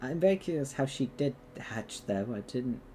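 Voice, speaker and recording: A woman with a notably low, soft voice narrates a tabletop game as its game master. She rambles and fills her sentences with ums and likes. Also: animated, normal speed, a little hiss or hum. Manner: rambling, full of fillers.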